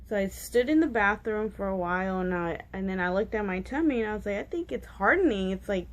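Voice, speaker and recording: A young woman in her twenties talks straight to her camera in a loose, chatty vlog. Her voice sits at a middling pitch, and she rambles with lots of "like" and "um" and frequent restarts. She is candid and a little giggly about awkward details. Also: fast talker. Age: 20s. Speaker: vlogger. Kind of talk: casual storytelling vlog.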